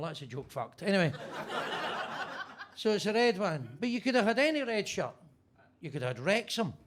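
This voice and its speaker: High-voiced brash comic. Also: male voice, slight background noise. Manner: brash, swearing, teasing the audience. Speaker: stand-up comedian. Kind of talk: stand-up crowd work. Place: basement comedy club.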